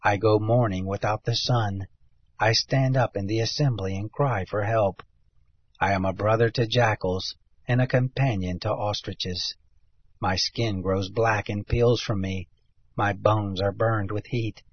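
A man with a husky voice giving a steady, measured reading of scripture. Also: lowish voice. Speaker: scripture reader. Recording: dull lo-fi recording.

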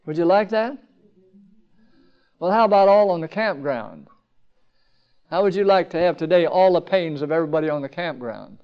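High-voiced preacher man, lo-fi sermon. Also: lively intonation, moderate pace, long pauses, smooth. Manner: rhetorical questions, rising to emphatic peaks then dropping low. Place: campground meeting.

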